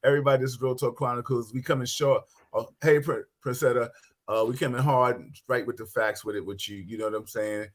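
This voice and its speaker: Animated man hosting a talk show. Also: medium pitch, a little fast. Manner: animated storytelling, acts out quotes. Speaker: host. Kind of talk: casual podcast chat.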